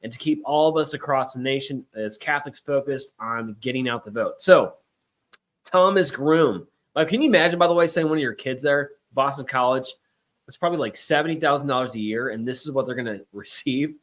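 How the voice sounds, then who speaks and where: A man's voice: mid-range voice, fairly quick, fairly bright tone. A middle-aged man hosting a casual political talk show, chatty and emphatic with rambling asides. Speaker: podcast host.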